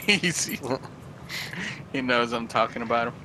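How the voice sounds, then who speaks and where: A man's voice: mid-range voice, measured pace, bright, forceful tone. A man joining a game stream, chatting casually and teasing his friend. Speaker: co-player. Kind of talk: casual gaming chat. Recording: noisy stream audio.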